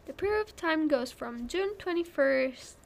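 A woman's voice: high voice, expressive, unhurried, creaky, slight background noise. A young woman co-hosting a casual podcast, giggly, often losing her place as she reads out lists. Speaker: podcast co-host. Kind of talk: casual chat.

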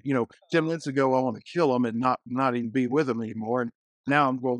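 A man's voice: medium pitch, quick pace, dry recording. Man telling stories in a dry booth. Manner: storytelling, animated quotes, many restarts. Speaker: guest youth minister. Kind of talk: casual podcast conversation.

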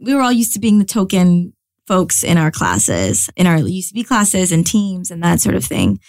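In this casual interview, the American actress-comedian guest sounds fairly low-pitched and gravelly, keeping a moderate pace with no echo. She's young, lively, and talkative, full of filler words and false starts.

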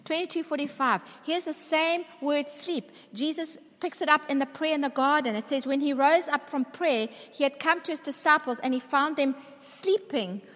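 A woman's voice: high voice, normal speed, few pauses, a bit bright. A woman preacher giving a sermon to a church congregation, emphatic, asking the congregation questions. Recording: long reverb of a large hall.

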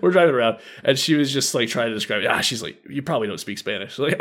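A man's voice: medium pitch, sing-song, a little fast, pushed and bright, a little hiss or hum. A young man co-hosting a podcast, telling a story in casual chat, acting out quotes and laughing often. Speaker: podcast co-host.

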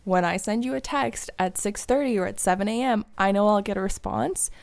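A woman's voice: medium pitch, brisk, creaky. A woman co-hosting a casual podcast chat, telling stories with lots of laughter and acted-out quotes. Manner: animated storyteller, laughs often, acts out quotes. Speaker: podcast co-host.

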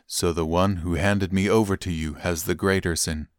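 A man voicing a calm, suffering male teacher who speaks slowly and gravely in a Bible reading. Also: low voice, no room sound, studio quality, close to an everyday voice. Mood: solemn.

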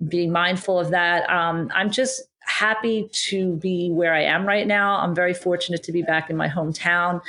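A woman's voice: fairly low pitch, fairly bright tone. A woman co-hosting a podcast, talking in earnest, reflective run-on thoughts in casual chat. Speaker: podcast co-host.

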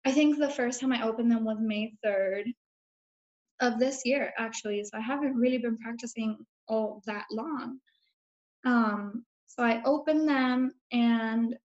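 Earnest woman with a high, lo-fi voice. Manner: earnest, reflective, many "like" fillers. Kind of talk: casual personal storytelling. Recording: dull lo-fi recording.

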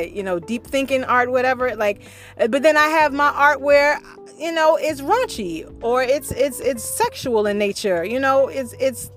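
A woman's voice: high-pitched, a bit bright. Emphatic woman with lots of fillers. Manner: emphatic, frequent fillers and repeated phrases. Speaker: songwriter and artist. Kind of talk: casual opinion monologue.

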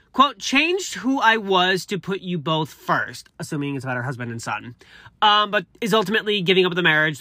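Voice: mid-range voice, bright, forceful tone, no echo, clean studio sound. A speaker in their thirties reading celebrity news aloud with chatty, gushing side comments. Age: 30s. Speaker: entertainment news vlogger.

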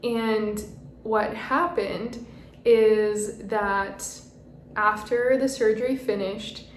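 A woman's voice: medium pitch, fairly even intonation, very slow. A young woman telling a personal story in a casual, chatty way, often saying "like" and laughing at herself. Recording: roomy echo, faint background noise.

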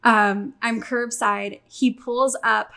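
A young adult woman telling a long story in casual chat, animated and swearing, acting out quotes. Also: fairly high pitch, slow, gravelly.

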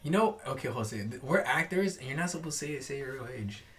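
A man's voice: mid-range voice, fairly quick. A man in his thirties hosting a casual comedy podcast, rambling and joking. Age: 30s. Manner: animated, rambling, jokey.

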